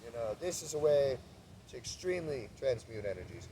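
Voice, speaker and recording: A man giving a spiritual talk, who swings from soft, calm speech to loud mocking voices. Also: medium pitch, brisk, recorded from a distance, slight background noise, rough recording. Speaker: spiritual teacher. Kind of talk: spiritual monologue.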